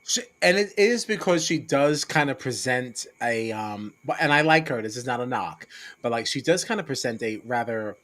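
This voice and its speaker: A man's voice: mid-range voice, lively intonation, normal speed, fairly bright tone. A man co-hosting a casual reality-TV podcast, dry and jokey as he reads out captions. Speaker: podcast co-host. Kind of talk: casual chat.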